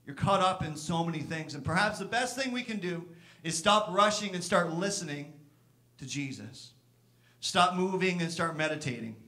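A man's voice: lively intonation, normal speed, pushed and bright. A pastor preaching a sermon in church, earnest, sometimes acting out the complaints of the people he speaks about. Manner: earnest, acts out Martha's complaints with raised pitch.

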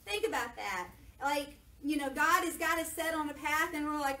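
A woman preaching a lively sermon, retelling scripture casually and acting out the voices of people in it. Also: high-pitched, normal speed, hardly any pauses. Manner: lively, jokey, acts out voices of people in the story. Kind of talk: sermon with playful paraphrase. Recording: echoey church from a distance, faint noise.

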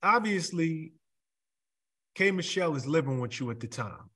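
A man's voice: a little high, lively intonation, normal speed, a bit bright, husky. A man hosting an interview, asking short prompting questions and closing the show. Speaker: podcast host. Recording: roomy with music behind.

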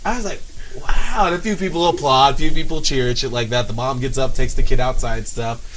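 A man's voice: mid-range voice, a little fast, a bit bright, a little hiss or hum, rough recording. A young man on a casual talk show, ranting with exasperation and swearing, sometimes mimicking other people. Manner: exasperated, profane, mimics people in put-on voices. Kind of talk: casual comedic rant.

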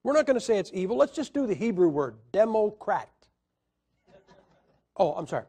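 Male preacher, high voice, combative teaching tone with lots of "uh" pauses. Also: big pitch swings, mellow, husky. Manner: argumentative, rhetorical questions, hesitant fillers. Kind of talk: Bible teaching lecture.

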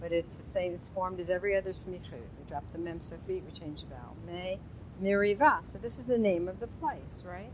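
A woman's voice: lowish voice, brisk, a little hiss or hum, poor audio. A woman teaching an informal Hebrew Bible lesson, chatty and quizzing her class. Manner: chatty, asks the class questions, loose asides.

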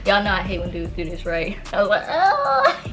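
A woman's voice: on the low side, flat delivery, fast, a bit bright, faint music behind. A woman in her early twenties from Sacramento tells a casual storytime, talking straight to her viewers with lots of fillers. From Sacramento, California. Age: early 20s. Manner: chatty, filler-heavy, addresses viewers as y'all. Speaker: vlogger.

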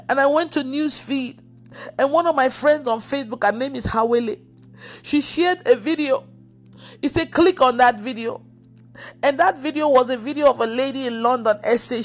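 A woman preacher giving an emotional testimony, acting out the dialogue as she tells it. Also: high-pitched. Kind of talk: testimony sermon.

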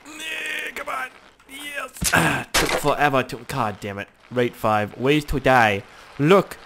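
A young man doing loud, excitable gaming commentary, swearing, yelping and shouting as he plays. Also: on the high side, slow, gravelly, background noise. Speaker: gaming YouTuber.

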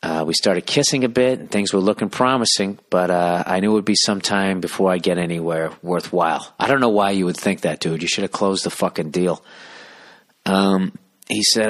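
A man with a very low voice rambles through a comic podcast monologue. He keeps his voice down to a near whisper and swears freely as he riffs. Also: normal speed. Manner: profane, hushed half-whisper. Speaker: podcast host.

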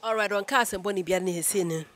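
A man hosting a casual political chat, talking quickly and prodding his co-host with questions. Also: high voice, a bit bright.

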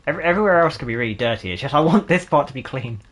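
A man's voice: a little high, lively intonation, very fast, fairly bright tone. A man in his twenties giving sarcastic, jokey let's-play gaming commentary and laughing often. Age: 20s. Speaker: gaming channel host.

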